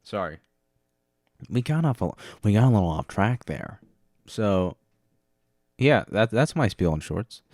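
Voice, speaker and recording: Man, low voice, rambling self-mocking podcast chat, dry close mic. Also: sing-song, unhurried, long pauses, darkish tone, no room sound. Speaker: podcast host. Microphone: close studio mic with headphone monitoring.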